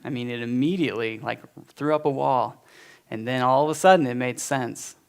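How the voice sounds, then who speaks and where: A man's voice: medium pitch, moderate pace, creaky, clear, resonant tone. A man in his forties giving a personal testimony at a church gathering, telling his story in a heartfelt, conversational way with many fillers. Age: 40s. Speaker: speaker at a church community.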